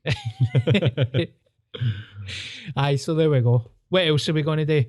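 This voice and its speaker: A man's voice: fairly high pitch, slow, a little mellow. A Scottish man co-hosting a podcast, chatting bluntly with sweary banter. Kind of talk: casual chat.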